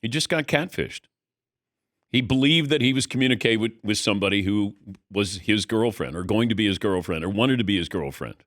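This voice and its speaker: Middle-aged male sports talk host, animated storyteller with a wide-ranging voice; close, dry studio sound. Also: on the low side, fairly quick, dry recording. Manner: animated storyteller, acts out quotes, laughs mid-sentence. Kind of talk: casual studio chat. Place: radio studio.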